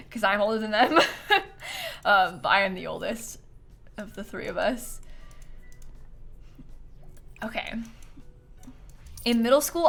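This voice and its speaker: Bright-voiced chatty woman streamer. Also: mid-range voice, vocal fry. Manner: chatty storyteller, laughs often. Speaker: livestreamer. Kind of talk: casual gameplay stream chat.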